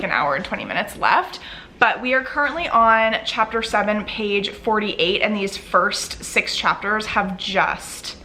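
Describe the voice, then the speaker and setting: A woman's voice: medium pitch, pushed and bright, a little hiss or hum. A young woman book vlogger talking to camera in a casual, gushing way, full of "like" fillers. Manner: chatty and gushing, many "like" fillers.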